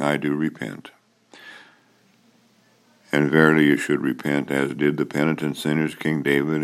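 A male pastor leading a church liturgy of prayer, confession and absolution, in a slow, measured liturgical cadence. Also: very deep voice. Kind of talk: liturgy and scripture reading.

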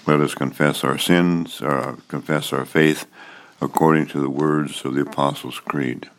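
A male pastor leading a church liturgy of prayer, confession and absolution, in a slow, measured liturgical cadence. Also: rumbling low, fairly even intonation. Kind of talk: liturgy and scripture reading.

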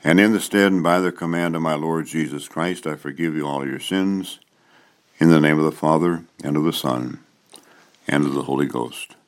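A man with a profoundly low voice serving as pastor, preaching and leading the congregation through confession and prayer. He speaks in a solemn, measured liturgical cadence. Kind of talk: sermon and liturgy.

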